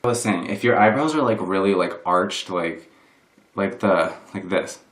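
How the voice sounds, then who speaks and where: A man's voice: low voice, moderate pace. A young man chatting through a casual makeup tutorial at home, rambling and mocking himself, filmed on a camera propped on a box. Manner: self-deprecating, rambling, full of "like". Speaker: vlogger. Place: room at home. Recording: roomy echo of a home room.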